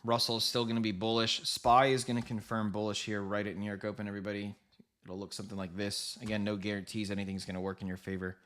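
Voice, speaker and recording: A man hosting a live trading stream, giving quick, rambling market commentary, correcting himself and talking straight to his viewers. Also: on the low side, flat delivery, fairly bright tone. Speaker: livestream trading host.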